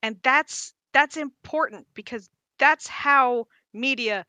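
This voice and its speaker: A woman's voice: high-pitched, slow, bright, forceful tone, no echo. A woman co-hosting a podcast, talking in a heated, impassioned way. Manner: impassioned, ranting with acted quotes. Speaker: podcast co-host. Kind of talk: casual podcast chat.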